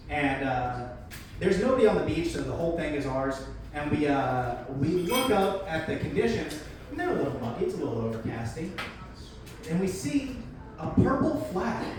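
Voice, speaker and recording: A man with a fairly high voice performs stand-up on a beer garden stage before a live crowd, animatedly telling a story and acting out the quotes. The venue echoes, the mic sounds far off, and the crowd laughs.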